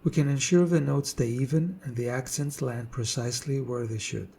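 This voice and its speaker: A man narrating a scripted drum tutorial in a measured, explanatory way. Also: medium pitch, vocal fry, warm tone, slightly rough. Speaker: drum teacher.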